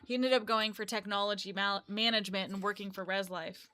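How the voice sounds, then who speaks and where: A woman's voice: medium pitch, fairly even intonation, fairly quick, sharp tone. A woman in her twenties chatting casually on a live stream, rambling and correcting herself as she goes. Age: 20s. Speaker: live streamer and game developer.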